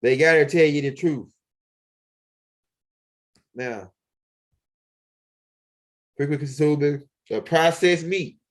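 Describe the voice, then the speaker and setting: Strolling around his home and out into the backyard, this male video blogger talks slowly in a high-ish voice, pausing often. His rambling is casual and profane, loose street talk packed with fillers.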